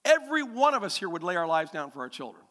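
A male pastor delivers a lively sermon with a bright, high voice. He repeats key phrases and keeps checking in with the congregation. His words echo through a reverberant church hall. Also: fast talker. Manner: animated, emphatic, repeats key phrases, asks the congregation questions.

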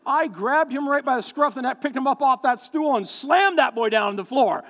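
Pastor preaching in a reverberant hall. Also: male voice, very high voice, fairly quick. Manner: storytelling, animated, jokes with the congregation. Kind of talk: sermon. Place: church sanctuary.

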